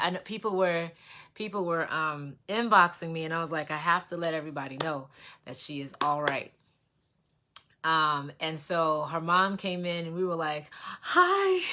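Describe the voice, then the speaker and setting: Low, bright-toned woman host; heartfelt casual testimony to viewers, repeats lines for emphasis. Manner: emotional, repeats herself, speaks directly to viewers. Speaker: host of an online prayer livestream. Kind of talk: casual testimony to a live audience.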